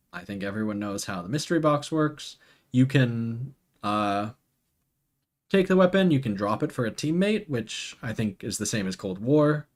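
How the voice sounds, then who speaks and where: Rambling male streamer talking shop. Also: mid-range voice. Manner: rambling, full of "like" and restarts; answers chat viewers by name. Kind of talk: casual livestream commentary.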